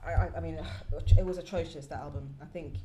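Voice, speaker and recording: Brief: woman co-host, low-pitched and rapid, blunt verdicts on pop acts. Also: fairly even intonation, crowd noise. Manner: blunt, dry, trails off quietly. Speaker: music review show co-host. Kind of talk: casual chat.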